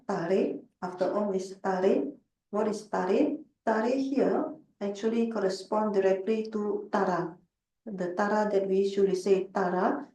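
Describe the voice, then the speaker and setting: A woman interpreting a Buddhist teaching, halting and searching for words. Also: mid-range voice, mellow, roomy sound, distant mic, rough recording.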